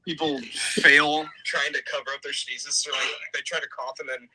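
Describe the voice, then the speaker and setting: A man casually telling funny stories in an online hangout, animated and laughing as he talks. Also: on the high side, moderate pace, a little hiss or hum, rough recording. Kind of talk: casual storytelling.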